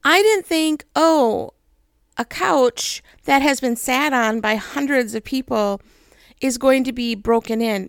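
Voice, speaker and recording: A young adult woman with a high-pitched voice and vocal fry tells a long personal story casually and chattily, laughing often and doing animated voices for what people said. The recording is studio quality with no echo.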